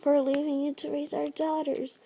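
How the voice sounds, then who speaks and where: A woman voicing a gentle, dying mother cat who speaks faintly and breathily. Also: high voice, expressive, extremely slow, full character voice. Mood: weak, tender.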